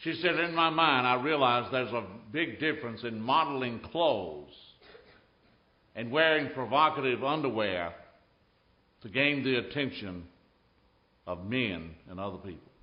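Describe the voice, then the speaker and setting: A man preaching a sermon, telling stories in an animated way and swinging between loud and hushed. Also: medium pitch, unhurried, pauses often, roomy sound, highs cut off.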